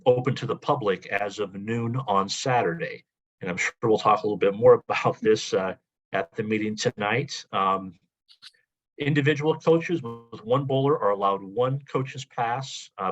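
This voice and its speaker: A man's voice: medium pitch, dull audio. A man briefing coaches in a webinar, methodical and full of "uh" and "um" fillers. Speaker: athletic association administrator. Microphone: video call.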